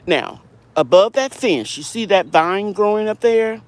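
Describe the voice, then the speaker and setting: A woman's voice: mid-range voice, expressive, measured pace. A middle-aged woman hosting a casual garden tour vlog outdoors, talking in a chatty, rambling way and correcting herself as she goes, recorded on a handheld phone. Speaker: home gardener and channel host.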